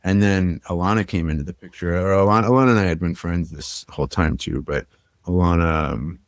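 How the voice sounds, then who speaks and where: A young man with a very low, deep voice recounts his own past on a podcast, speaking reflectively and leaning on "like" and "you know." The sound is close and dry, with no room around it. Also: steady tone, brisk, no room sound. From Minnesota. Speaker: podcast guest. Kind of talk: personal storytelling in a podcast interview.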